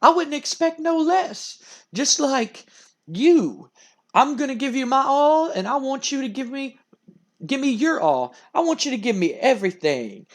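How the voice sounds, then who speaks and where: A man voicing a flamboyant, suggestive male wrestler, talking in a drawn-out, teasing way. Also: extremely high pitch, big pitch swings, voice pushed up, full character voice. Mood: flirty.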